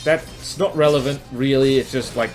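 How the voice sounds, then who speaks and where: A man's voice: medium pitch, fairly even intonation, normal speed, soft background music. A man from New Zealand with a New Zealand accent, giving rambling, self-mocking commentary over his gameplay. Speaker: gaming commentator.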